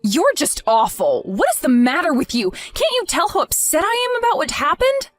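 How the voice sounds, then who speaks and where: A woman's voice: a little high, sing-song, moderate pace, no echo, faint music behind. A woman playing a grieving, indignant young wife in a voiced text-message drama, emotional and accusing. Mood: hurt.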